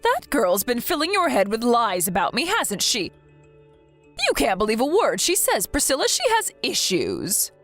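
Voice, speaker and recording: A woman's voice: fairly high pitch, huge pitch swings, moderate pace, fairly bright tone, soft background music, pitched above the performer's own voice, heavily acted. A woman voicing a sugary, scheming middle-aged mother-in-law in a text-story video, with a sing-song, theatrical sweetness. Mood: spiteful.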